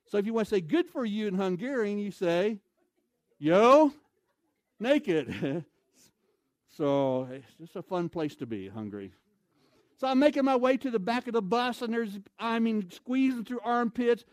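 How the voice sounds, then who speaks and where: An American man, a missionary speaker, telling a humorous story in an animated, comic way and acting out scenes. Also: high voice, fairly quick, no echo. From United States.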